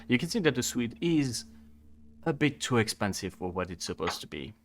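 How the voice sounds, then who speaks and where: A man's voice: medium pitch, sing-song, moderate pace, a little hiss or hum. A man narrating a tabletop game as game master, in a playful, laughing way.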